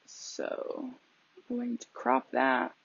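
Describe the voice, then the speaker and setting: Young woman rambling on her podcast, kinda higher voice, creaky, dull lo-fi phone mic. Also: sing-song, slow. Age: young adult. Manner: chatty, lots of fillers, laughs at herself. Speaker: podcast host. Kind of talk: casual rambling monologue. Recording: dull lo-fi home recording.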